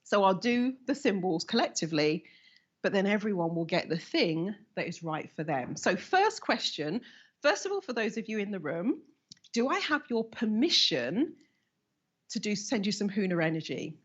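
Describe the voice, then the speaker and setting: A woman in her fifties teaches a live workshop session and moves quickly into stories, acting out the voices of the people in them. Her voice is mid-pitched and the recording sounds a little dull. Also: husky. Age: 50s. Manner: animated storyteller who acts out quoted voices. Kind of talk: live expo talk with stories.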